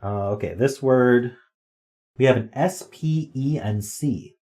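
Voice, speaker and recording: A man's voice: medium pitch, takes it slowly, warm tone. A man streaming live, chatting casually as he works through word games and thinks aloud with ums and guesses. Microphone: desk microphone.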